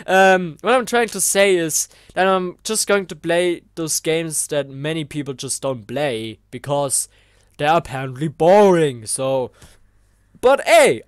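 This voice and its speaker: A young man hosting a gaming let's play, excitable, yelling and swearing at the game, then rambling and hesitant as he talks to viewers. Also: fairly high pitch, no echo. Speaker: gaming channel host. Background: game music and sounds.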